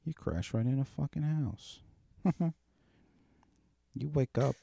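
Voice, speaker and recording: A man's voice: medium pitch, lively intonation, slow pace, vocal fry, dark tone, slightly rough. A man in casual chat, rambling and swearing as he spins a darkly comic story.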